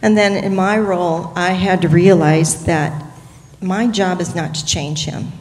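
An older woman sincerely sharing a personal testimony about her marriage, speaking deliberately. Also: fairly low pitch, fairly even intonation, darkish tone, slightly rough, big-room sound.

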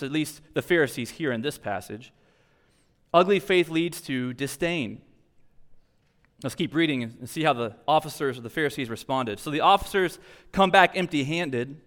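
A man preaching a sermon in a conversational, animated way with casual asides. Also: fairly high pitch. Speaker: pastor. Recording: long reverb of a large hall.

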